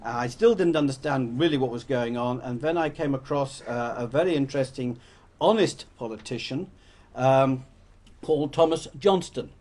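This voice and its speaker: Older guy from england rambling thru a story for a crowd, kinda husky, mid pitch. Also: moderate pace, a little mellow. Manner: anecdotal, rambling with self-corrections. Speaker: public speaker. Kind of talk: storytelling talk to an audience.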